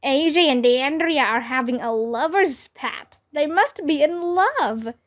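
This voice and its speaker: A woman's voice: sits high, animated, unhurried. Schoolboy, teasing, sing-song, storybook, woman reader.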